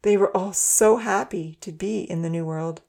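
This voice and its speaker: A woman narrating a children's story in a gentle, even storytelling manner. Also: mid-range voice, normal speed, gravelly.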